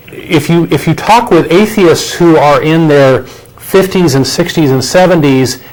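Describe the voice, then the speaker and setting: A man with a fairly high voice co-hosts a studio discussion show. He talks conversationally, often repeating a word as he gathers his thought. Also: darkish tone, low-quality recording. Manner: conversational, repeats words while thinking. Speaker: co-host.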